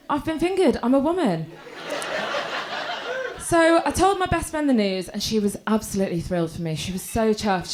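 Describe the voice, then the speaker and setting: A young woman performing a stand-up set on a comedy club stage, telling crude, self-mocking stories with lots of "right?" tags. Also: fairly high pitch.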